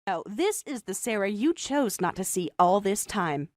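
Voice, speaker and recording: A woman's voice: medium pitch, sing-song, dry recording, clean studio sound, natural voice. Woman as a cool, cutting young woman. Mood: cold mocking. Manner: cool, mocking, measured. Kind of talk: animated story voice acting and first-person narration.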